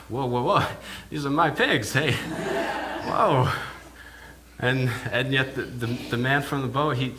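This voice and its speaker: A man's voice: mid-range voice, slow, noisy background, lightly acted. A male minister preaching in character as an awed village pig herder, telling his story in the first person with hesitant, often repeated words. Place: church.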